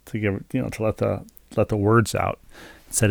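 A man's voice: fairly low pitch, level tone, brisk, creaky, no echo. A middle-aged man co-hosting a podcast, telling a story in casual chat with dry, wry humor. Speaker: podcast co-host.

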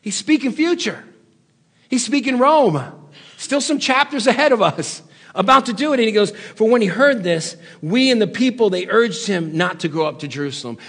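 Impassioned husky-voiced male preacher. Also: animated, moderate pace. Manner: impassioned, swings between hushed low lines and loud raised ones. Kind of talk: sermon.

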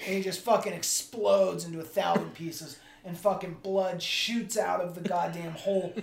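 A man's voice: high voice, steady tone, normal speed, vocal fry. A man co-hosting a comedy podcast, casually spinning a crude, gory improvised story. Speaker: podcast co-host. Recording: roomy echo with faint background noise.

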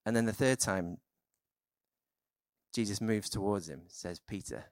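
A man preaching a sermon in a relaxed, conversational way, with many fillers and restarts. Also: lowish voice, unhurried, no echo, studio quality.

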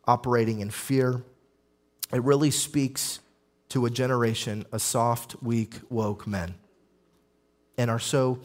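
A young adult man delivers a sermon as a pastor, in a middle-pitched voice. He preaches emphatically, stacking up lists and repeating phrases for weight. His pace pushes ahead and then slows to land a point.

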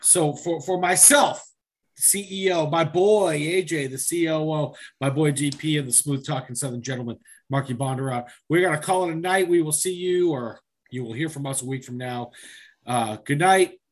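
A man's voice: on the high side, normal speed. Joking, profane podcast host man. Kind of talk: casual chat.

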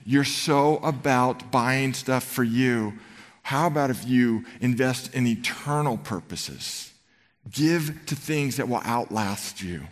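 A man's voice: mid-range voice, takes it slowly, soft background music. A man preaching a sermon as pastor, conversational and earnest, slipping into quoted voices as he tells stories. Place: church sanctuary. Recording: church hall reverb.

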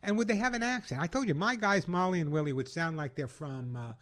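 A middle-aged man with a Long Island New York accent, hosting a call-in radio show in an upbeat, lively way. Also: on the high side, fast talker. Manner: upbeat, lively promotional delivery.

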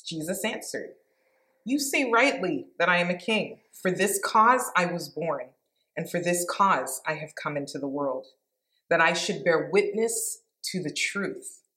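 An earnest woman with a slightly low voice, talking through a Bible passage in a relaxed, conversational way. She reads the verses aloud plainly, then reflects on them as if speaking to a small group. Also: measured pace. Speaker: Bible teacher. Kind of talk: informal devotional Bible teaching with scripture reading.

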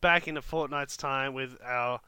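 A man hosting a casual podcast, upbeat and quick to laugh. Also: medium pitch, pushed and bright, smooth, no echo. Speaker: podcast host.

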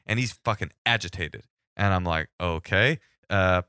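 A man's voice: sits low, normal speed, clean tone, no echo, clean studio sound. A man casually telling stories about his old work, acting out both sides of phone calls. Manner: animated, acts out callers with sudden shouted bursts. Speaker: guest storyteller. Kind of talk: casual storytelling chat.

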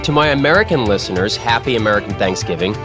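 A man's voice: lowish voice, expressive, fast, music in the background. A man hosting a podcast in a casual chat style, playful and self-mocking as he jokes with his producer. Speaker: podcast host.

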